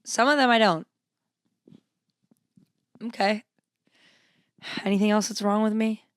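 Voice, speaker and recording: A woman's voice: mid-range voice, steady tone, measured pace, no room sound, studio quality. A young woman co-hosting a podcast in casual chat, teasing and rambling with lots of "like". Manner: chatty, teasing, rambling with many "like"s. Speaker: podcast co-host.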